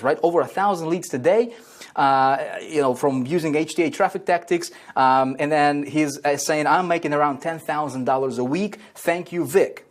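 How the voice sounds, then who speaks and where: A man's voice: medium pitch, husky. A man leading an online marketing training video, upbeat and motivational, checking in with "okay?" and "right?" after nearly every point. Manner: energetic, repeats "okay?" and "right?" often.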